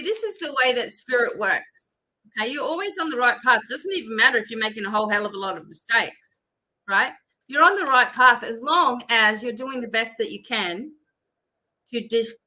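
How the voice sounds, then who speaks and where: A woman's voice: a little high, bright, forceful tone. A woman hosting a live-stream psychic reading, chatty and instructive, with many fillers. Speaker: psychic reader.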